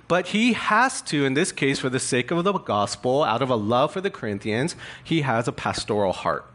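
A man's voice: on the high side, fairly bright tone. A man preaching a sermon, reading scripture aloud with emphatic, rising stress. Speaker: pastor.

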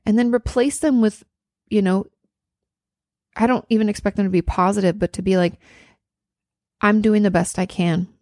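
A woman's voice: mid-range voice, fairly even intonation, normal speed, pauses often, a little mellow, dry recording, studio quality. A woman in her thirties giving a listener earnest, reassuring advice in a casual podcast chat, now and then swearing. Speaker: therapist answering a listener.

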